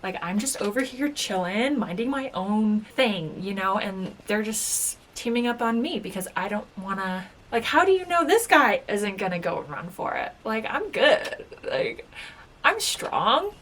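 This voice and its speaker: A woman's voice: medium pitch, expressive, unhurried, few pauses, fairly bright tone, slight background noise. Chatty woman telling a story. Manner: chatty storytelling, lots of filler "like". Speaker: former game show contestant. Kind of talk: casual reaction vlog.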